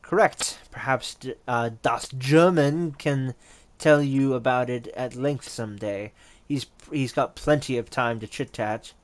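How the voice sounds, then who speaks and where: A man voicing a sly, theatrical painted elf who lectures in a measured, wry way in a tabletop game. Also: mid-range voice, lightly acted.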